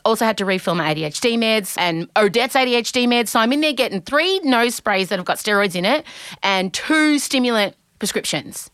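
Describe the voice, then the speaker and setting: An Australian woman in her forties hosting a podcast, talking fast and rambling through animated stories. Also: medium pitch, dry recording, clean studio sound. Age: 40s. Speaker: podcast host. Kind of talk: casual chat.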